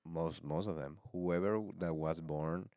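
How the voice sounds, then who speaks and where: Low-voiced man hosting casual podcast chat. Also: steady tone, a little slow, darkish tone, smooth, dry recording, studio quality. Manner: swearing, laughing, joking banter. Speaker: podcast host.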